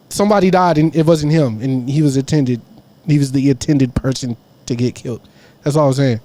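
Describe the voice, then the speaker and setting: A man's voice: mid-range voice, brisk, mellow, dry recording. A man co-hosting a podcast in casual chat, telling stories in a rambling, slangy way full of restarts. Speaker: podcast co-host. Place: podcast studio.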